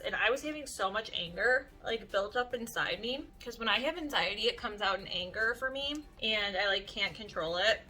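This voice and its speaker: A young woman beauty vlogger talking to camera in an animated, chatty way, leaning heavily on "like" as she tells stories. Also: medium pitch, moderate pace, hardly any pauses, soft background music. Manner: animated, chatty, heavy use of "like". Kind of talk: casual storytelling chat to camera.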